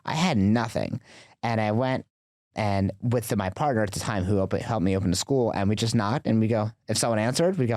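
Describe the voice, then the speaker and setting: Male podcast guest, relaxed anecdotal delivery, slightly low register, dry close mic. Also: brisk, no echo. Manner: chatty, filler-heavy, animated retelling. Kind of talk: casual storytelling.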